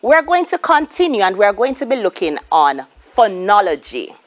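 A woman's voice: mid-range voice, very animated, moderate pace. A Jamaican woman teaching a televised lesson, explaining each point and then giving Creole example sentences. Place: TV studio.

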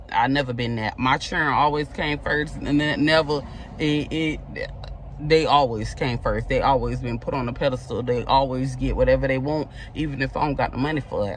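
A woman's voice: low-pitched, a little hiss or hum, poor audio. A mother venting to her vlog audience from her car, exasperated and swearing. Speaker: vlogger and mother. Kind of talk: ranting vlog. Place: parked car.

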